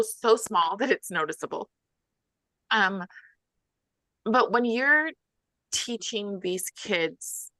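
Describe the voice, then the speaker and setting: Woman guest, earnest and restarting often; lowish voice, bright, dry sound. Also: no echo. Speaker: podcast guest. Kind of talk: casual discussion.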